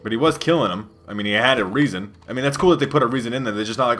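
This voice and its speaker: A man's voice: medium pitch, rapid-fire, a bit bright. A young man casually commenting over his own gameplay, loose and profane, rambling with lots of fillers. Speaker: gaming youtuber. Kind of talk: let's play commentary.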